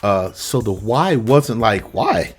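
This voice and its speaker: A man, a vocal coach, telling a story to his viewers in a relaxed, conversational way and acting out what others said. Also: fairly low pitch, moderate pace, faint music behind. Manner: lively anecdote telling, acts out the other people's lines; relaxed, conversational, with frequent fillers. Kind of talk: casual storytelling to camera.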